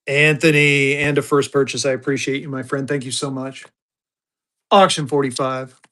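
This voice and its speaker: A man's voice: medium pitch, steady tone, moderate pace, bright, forceful tone. A man selling at a live online auction, chatting casually to viewers and thinking aloud as he sorts his stock. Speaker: livestream auction seller.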